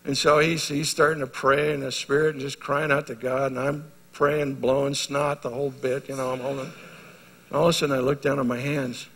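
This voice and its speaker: Bright-voiced pastor preaching in a big hall. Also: male voice, fairly high pitch, husky. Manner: storytelling, swings from loud exhortation to hushed intensity. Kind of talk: sermon. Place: large hall at a men's retreat. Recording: live sermon in a reverberant hall.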